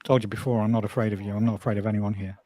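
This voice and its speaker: A man's voice: lowish voice, level tone, very fast, dark tone, no room sound. An Australian man hosting a casual livestream chat, talking bluntly and defiantly. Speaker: livestream host. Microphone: desk mic on a stream.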